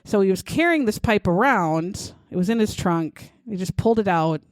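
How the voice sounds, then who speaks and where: A woman's voice: mid-range voice, animated, normal speed, no room sound. A woman co-hosting a casual true-crime podcast, talking bluntly, swearing freely and acting out what people said. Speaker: podcast co-host.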